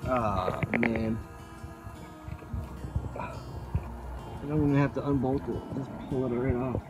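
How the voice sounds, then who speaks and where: Music plays behind a sailboat vlogger as he casually narrates fixing his boat outdoors from beneath it, joking and talking to himself, recorded on a handheld phone. His mid-range voice moves at a slow pace, and the audio quality is poor.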